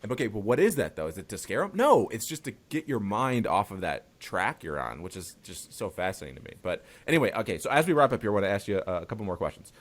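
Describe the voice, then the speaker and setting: During a casual interview chat, a podcast host talks fast with few pauses in a lowish voice full of big pitch swings. His manner is loose and relaxed, with occasional swearing and easy laughter.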